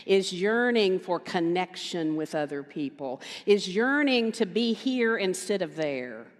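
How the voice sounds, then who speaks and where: A woman minister giving a conversational sermon, telling a story with animated quoted voices and emphatic repetition. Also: mid-range voice. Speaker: guest minister. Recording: reverberant hall.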